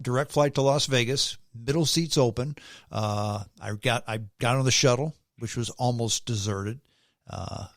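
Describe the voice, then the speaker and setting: A man hosting a podcast in casual chat, telling a story in a relaxed, conversational way. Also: medium pitch, dry recording, clean studio sound. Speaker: podcast host.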